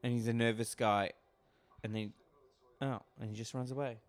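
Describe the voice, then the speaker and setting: A man's voice: mid-range voice, steady tone, moderate pace. A man chatting casually, describing what happens on screen while watching a movie with a friend. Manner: narrates the on-screen action. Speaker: movie commentator. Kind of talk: casual movie commentary chat.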